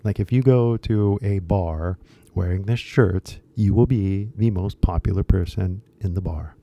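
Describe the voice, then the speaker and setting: A man's voice: low voice, a little slow, creaky, muffled recording. A man talking casually to his viewers in a loose, chatty way, full of fillers and restarts, now and then switching into Japanese. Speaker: English teacher and shirt seller.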